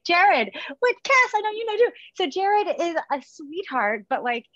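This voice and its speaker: A woman running coach, chatting on a podcast, telling lively stories and often laughing. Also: very high voice, unhurried, dry recording, lo-fi sound. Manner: chatty storyteller, laughs often, acts out quotes. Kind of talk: casual chat.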